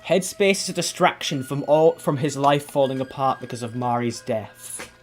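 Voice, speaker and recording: A man's voice: mid-range voice, moderate pace, faint music behind. Rambling man streaming a game. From England. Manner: rambling, swears casually, trails off and restarts. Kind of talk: casual gaming stream chat.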